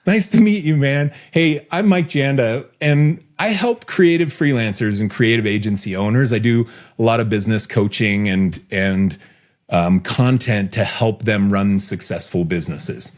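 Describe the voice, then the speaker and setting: A man hosting a casual podcast chat, playful and animated, often laughing. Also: fairly low pitch, normal speed. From United States. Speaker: podcast host.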